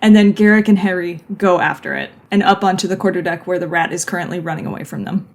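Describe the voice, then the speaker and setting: A woman's voice: fairly low pitch, little pitch movement, quick pace. A woman narrating a tabletop role-playing game as game master, often laughing as she describes the scene.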